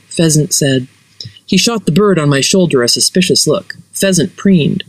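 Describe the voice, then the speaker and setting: A narrator reading a fantasy story aloud, expressive and varied. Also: medium pitch, moderate pace, no room sound, rough recording. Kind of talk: fiction reading.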